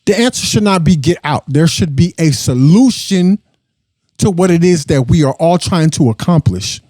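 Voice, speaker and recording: A man's voice: on the high side, lively intonation, moderate pace, mellow, no room sound. A young adult man hosting a podcast, giving a blunt, profane, impassioned casual monologue. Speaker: podcast host.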